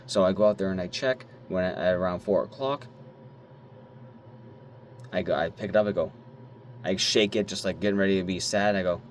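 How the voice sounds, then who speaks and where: A young man vlogging at his desk, telling a story in a rambling, animated way, swearing now and then and squealing when he acts out his excitement. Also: low-pitched, fairly quick, pauses often, a little hiss or hum. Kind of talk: casual talk to camera.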